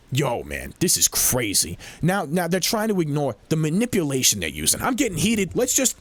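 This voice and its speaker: A man's voice: a little high, wildly swooping pitch, moderate pace, few pauses, dry recording. A man commenting on video clips in a heated, casual way, full of slang, who repeats himself when worked up.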